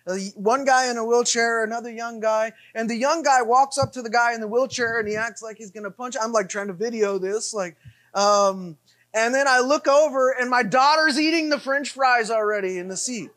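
A middle-aged man preaching, telling a self-deprecating story in an animated way with repeated refrains. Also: very high voice, normal speed. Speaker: pastor. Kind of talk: sermon storytelling.

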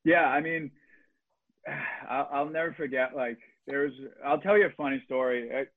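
A man's voice: medium pitch, normal speed, vocal fry, dry recording, phone-quality sound. A young man, a guest on a casual podcast, telling a long, rambling, profane story about junior hockey.

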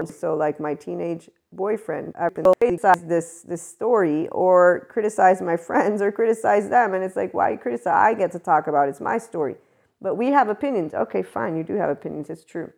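A woman's voice: on the low side, vocal fry. A woman hosting a solo podcast, talking casually and bluntly, laughing often as she goes. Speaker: podcast host.

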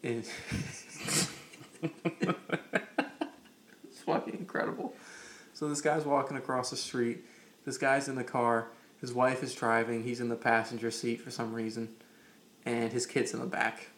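A man's voice: medium pitch, a little slow, long pauses, a little hiss or hum. A man co-hosting a podcast, telling stories in casual, profane chat and acting out what people said. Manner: profane, animated anecdote-teller acting out quotes. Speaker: podcast co-host. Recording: roomy echo.

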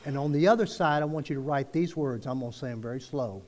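A male pastor preaching a sermon to his congregation, earnest, with slow emphatic phrasing. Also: mid-range voice, a little mellow. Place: church sanctuary. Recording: long reverb of a church hall.

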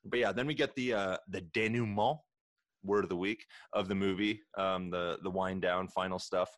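A man's voice: sits low, steady tone, normal speed, a bit bright, no room sound, clean studio sound. A man co-hosting a podcast, casually retelling a comedy film scene by scene and acting out its lines with laughs. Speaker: podcast co-host. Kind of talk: casual movie recap chat.

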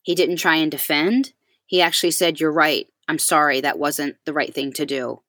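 A woman chatting on a talk show, telling a personal story in an animated way and acting out the quoted voices. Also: low voice, normal speed, no room sound. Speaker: podcast co-host. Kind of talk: casual chat.

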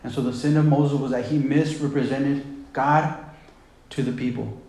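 A man's voice: mid-range voice, fairly even intonation, moderate pace, darkish tone. A man preaching a sermon, retelling scripture in a conversational, emphatic way. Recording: very echoey hall.

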